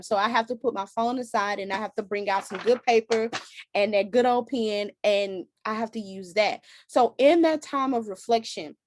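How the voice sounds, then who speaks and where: A woman's voice: on the high side, no echo, clean studio sound. A woman hosting a faith-based advice talk, earnest and candid, often restarting her sentences. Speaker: host.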